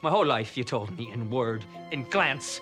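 An actor playing a bitter, defiant young son in a stage Irish accent, in a film clip with music underneath. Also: male voice, mid-range voice, animated, normal speed, natural voice.

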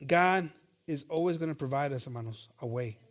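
A male pastor preaching a bilingual sermon, switching languages and repeatedly addressing the congregation as brothers. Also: medium pitch. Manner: switches between English and Spanish, often calls out "hermanos"; reads scripture slowly and deliberately.

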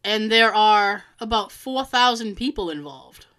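Bright-voiced woman telling animated stories. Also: mid-range voice, measured pace. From Massachusetts, USA. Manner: animated storytelling, acts out quoted people. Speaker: podcast co-host. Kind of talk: casual chat.

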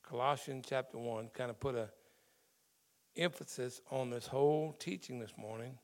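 A man's voice: medium pitch, moderate pace. A man who is a pastor, preaching a sermon in a conversational way and explaining the meaning of Greek words in scripture.

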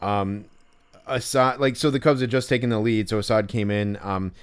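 Guy rambling about a ballgame, smooth clean voice, lots of likes and ums. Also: lowish voice, steady tone, moderate pace. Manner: rambling, many fillers and restarts; acts out exasperated yelling when quoting himself. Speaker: podcast co-host. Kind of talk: casual chat.

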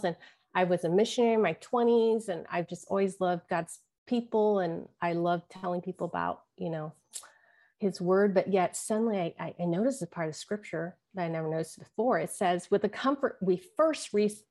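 A woman in her forties telling an earnest, halting personal story as an interview guest. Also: lowish voice, darkish tone. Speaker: guest, author and podcaster.

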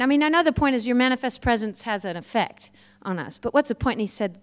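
Lively woman preaching. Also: on the high side, fairly quick, hardly any pauses. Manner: lively storytelling, laughs often, acts out quoted voices. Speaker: guest preacher. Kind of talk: sermon with personal stories.

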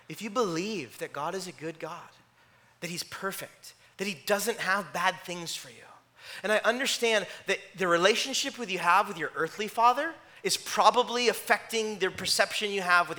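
A man's voice: high-pitched, sharp tone. A man in his thirties, a pastor preaching a sermon in a loose, conversational storytelling way with lots of filler words.

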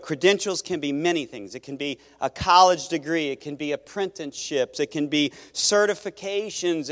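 A man preaching a sermon as pastor, in a conversational way that restarts phrases and questions his listeners. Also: a little high. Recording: long reverb of a large hall.

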